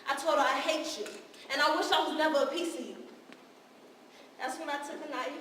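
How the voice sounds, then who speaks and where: An actress plays a wounded, defiant young woman in a live stage drama. Her voice sits high and bounces around a big echoing hall, picked up from far off. She speaks raw and confrontational. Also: background noise, lightly acted. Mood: cold. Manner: raw and confrontational, with bursts of bitter laughter. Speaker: stage actor. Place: theater stage. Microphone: distant room mic.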